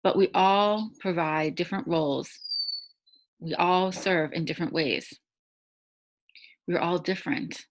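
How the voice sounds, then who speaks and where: A woman's voice: lowish voice, unhurried, pauses often, low-quality recording. A woman hosting a faith-based challenge, giving a devotional teaching talk in a conversational way and often checking in with tag questions.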